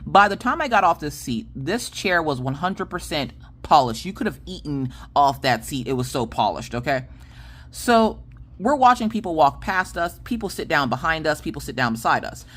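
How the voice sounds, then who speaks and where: A woman in her late thirties casually telling a story, animated and punctuated with "okay?" asides, on a close mic. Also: low-pitched, normal speed. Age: 30s. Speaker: crafting channel host.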